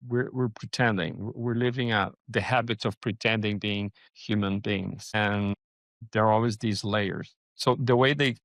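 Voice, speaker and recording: A man with a low, gravelly voice hosts a podcast conversation. He thinks aloud, circling his point with false starts and fillers before landing on a question. The sound is dry and close. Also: steady tone, fairly bright tone, no echo. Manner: searching, halting, with many restarts and "like". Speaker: podcast host. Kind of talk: casual interview conversation.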